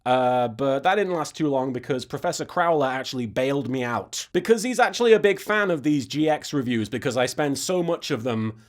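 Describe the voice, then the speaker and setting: A man's voice: medium pitch, expressive, a little fast, hardly any pauses. A young British man hosting a comedic episode recap, rambling in a sarcastic, mock-serious way. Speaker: web series host. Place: standing in front of a green screen.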